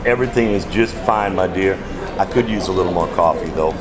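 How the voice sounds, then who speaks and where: An actor playing a smooth-talking Southern gentleman in a radio soap, with a Southern accent and a flowery, flattering way of talking. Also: low voice, fairly quick, over music, natural voice. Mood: charming.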